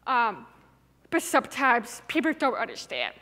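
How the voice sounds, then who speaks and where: Bright, high young woman with a deaf speaker's accent. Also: huge pitch swings, a little slow. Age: young adult. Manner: earnest, emphatic. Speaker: TEDx speaker. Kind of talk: inspirational talk. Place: large hall. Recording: reverberant hall.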